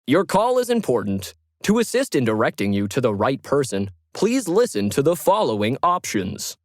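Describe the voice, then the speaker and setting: A man's voice: medium pitch, sing-song, normal speed, no echo, clean studio sound, close to an everyday voice. A man voicing a cheery automated phone menu that recites its lines in an audio story. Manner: chirpy, scripted.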